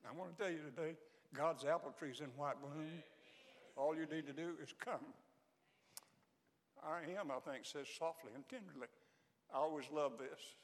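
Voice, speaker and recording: A man delivers a sermon in a church, telling a story, then easing into a soft, hushed call. His voice sits a little high for a man and rings out with long hall reverb. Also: moderate pace. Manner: storytelling, drops to a soft hush at the close. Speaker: guest preacher. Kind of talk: sermon with invitation. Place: church sanctuary.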